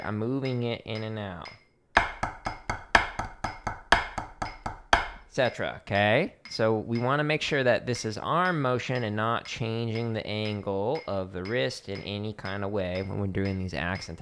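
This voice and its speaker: A man's voice: mid-range voice, very noisy. A man teaching drumming on a casual practice stream, counting beats aloud and making playful asides to himself. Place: home practice room. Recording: loud drum clicks behind voice. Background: drumming clicks and taps.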